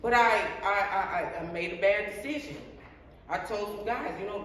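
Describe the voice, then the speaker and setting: A woman's voice: mid-range voice, moderate pace, fairly bright tone. Middle-aged woman, echoey distant testimony. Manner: earnest, repetitive storytelling with frequent restarts. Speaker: guest sharing life story. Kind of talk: personal testimony. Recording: echoey hall, distant mic, faint noise.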